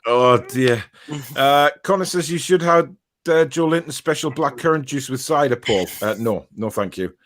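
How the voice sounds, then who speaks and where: A man's voice: medium pitch, normal speed, fairly bright tone. A man hosting a football podcast, reading viewer comments aloud and teasing his co-hosts in casual banter.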